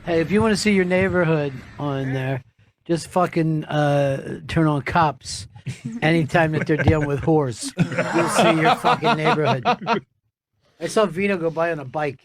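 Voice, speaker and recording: A man's voice: a little high, moderate pace. A man hosting a comedy talk show, bantering in a wry, blunt and profane way. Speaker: host.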